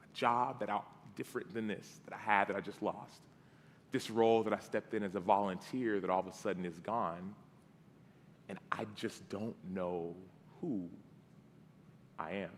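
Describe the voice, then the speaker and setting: Man, 30s, preacher. Casual storytelling sermon, slightly low voice, acts out dialogue, often drops to soft tones. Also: steady tone, normal speed, a little hiss or hum. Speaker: guest preacher. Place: church sanctuary. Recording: long hall reverb.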